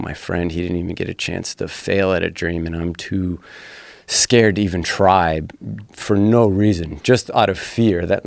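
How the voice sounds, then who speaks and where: Deep gravelly man telling his story. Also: darkish tone, no echo. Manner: earnest and emphatic, blunt with swearing. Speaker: guest, professional fighter. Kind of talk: candid personal storytelling in a podcast interview.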